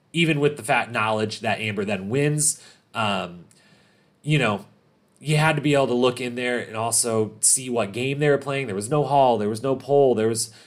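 A man hosting a casual recap podcast, talking in an animated, emphatic way and repeating points for stress. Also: mid-range voice. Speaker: podcast host recapping a reality show.

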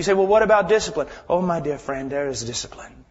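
A man preaching a sermon with intensity, swinging from loud pleading to hushed whispers and repeating phrases for emphasis. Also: a little high, animated, fast talker. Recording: dull lo-fi sound with long hall reverb.

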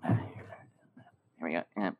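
A man's voice: takes it slowly, phone-quality sound, slight background noise. A male comedian guesting on a podcast, rambling and self-deprecating with lots of fillers. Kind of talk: casual podcast chat.

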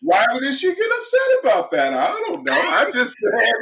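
A man's voice: very high voice, wildly swooping pitch, moderate pace, a loud crowd. A man co-hosting a casual chat show. He laughs often and acts out quotes. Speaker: podcast co-host.

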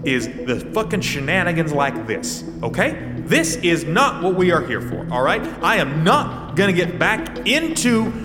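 A man voicing a gruff, exasperated male former boss who swears. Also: on the high side, sing-song, a little slow, hardly any pauses, reverberant, in a large hall, music in the background, voice pushed up.

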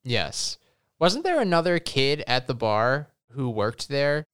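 A woman's voice: rumbling low, very animated, takes it slowly, clear, resonant tone. A woman co-hosting a podcast, chatting casually about a TV episode with dry, teasing humor. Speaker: podcast co-host. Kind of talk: casual recap chat.

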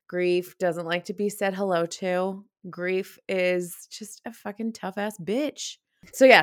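A woman's voice: lowish voice, a bit bright, dry recording, studio quality. A young adult woman hosting a casual solo podcast, a little out of breath, chatty and candid, laughing often and swearing casually. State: slightly out of breath. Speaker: podcast host.

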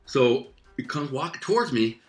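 A man telling a rough street story in casual talk, animated and streetwise, acting out voices and sound effects. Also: mid-range voice, moderate pace, echoey room, soft background music.

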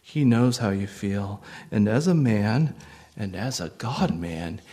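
Slow, earnest male pastor preaching. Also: fairly low pitch, lively intonation. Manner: slow, earnest and gentle, with sudden swells of intensity. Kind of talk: sermon.

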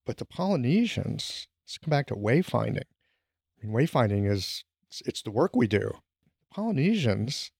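A middle-aged man hosting a casual conversation, telling stories in an animated way. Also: mid-range voice, moderate pace, vocal fry, breathy edge, no room sound, clean studio sound. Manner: animated storytelling.

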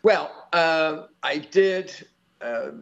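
Rambling guy telling a story on a podcast, gravelly voice, kinda dull lo-fi sound, lots of ums and restarts. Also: a little high, animated, very slow, fairly bright tone. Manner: rambling, chatty, with many fillers and restarts; laughs easily. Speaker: lottery winner guest. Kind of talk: casual storytelling interview.

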